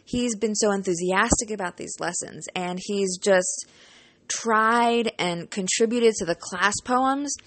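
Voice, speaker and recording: A young adult woman, a student teaching partner, tells a casual storytime vlog in a chatty, emotional way, leaning on "like" and "you know" and swearing casually. Her mid-range voice is unhurried and fairly bright, in a dry recording.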